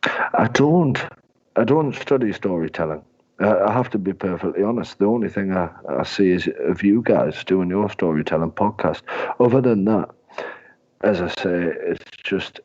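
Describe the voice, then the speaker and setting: Low-voiced Northeast English man, rambling jokily. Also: darkish tone, muffled recording. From Northeast England. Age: 20s. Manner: rambling, jokey and self-deprecating. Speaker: comedian guest. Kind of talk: casual interview chat.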